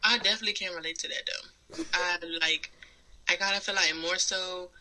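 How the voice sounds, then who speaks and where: Bright-voiced woman chatting casually. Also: on the low side, moderate pace, rough recording. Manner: candid, rambling with many fillers. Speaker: podcast co-host. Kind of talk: casual chat.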